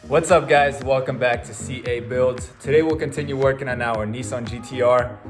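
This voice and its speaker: A man's voice: medium pitch, moderate pace. A man casually narrating his car rebuild as he works, keen and explaining each step in a garage. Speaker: car build vlogger. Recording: background music playing.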